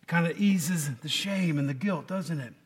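A man's voice: fairly high pitch, moderate pace. A man giving a casual, joking sermon to a congregation, often asking them questions. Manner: chatty, joking, asks the room questions. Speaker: lay preacher.

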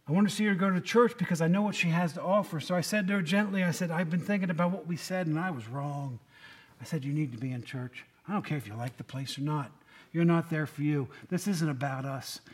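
A man in his fifties, a preacher, giving a sermon in a relaxed storytelling way with folksy asides to the congregation. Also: sits high. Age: 50s.

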